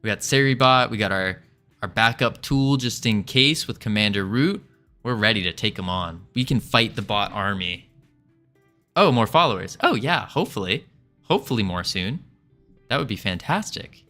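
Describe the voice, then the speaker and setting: A man's voice: on the low side, expressive, moderate pace, sharp tone, soft background music. A man chatting playfully on a livestream while building a game, joking with his viewers. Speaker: streamer and game developer. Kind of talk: casual livestream chat.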